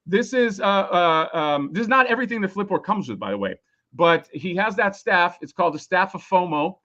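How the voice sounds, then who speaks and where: Hoarse guy rambling about a toy, swears a ton, high bright voice, kinda muffled audio. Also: expressive, a little fast. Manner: rambling, swears a lot, many restarts. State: losing his voice. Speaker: toy designer presenting a crowdfunding campaign. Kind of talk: casual live-stream chat.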